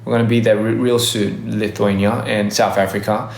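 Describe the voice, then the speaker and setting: A man on a casual livestream, giving upbeat, rambling shout-outs to fans and stumbling over his words. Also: lowish voice, little pitch movement, moderate pace, creaky, slight background noise. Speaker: musician hosting a live stream. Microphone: phone livestream. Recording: echoey room.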